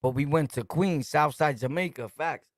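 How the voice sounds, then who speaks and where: A man's voice: on the high side, normal speed, dry recording, studio quality. A middle-aged man from Brooklyn with a New York accent, hosting a podcast and telling street stories in emphatic slang, laughing often. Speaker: podcast host. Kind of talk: casual storytelling monologue.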